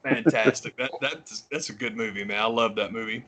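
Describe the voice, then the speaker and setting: A man's voice: brisk, slight background noise. A man co-hosting a podcast, talking casually and animatedly, swearing freely and sometimes mimicking people. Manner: animated, swears freely, mimics others in high squawky voices. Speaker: podcast co-host. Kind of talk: casual chat.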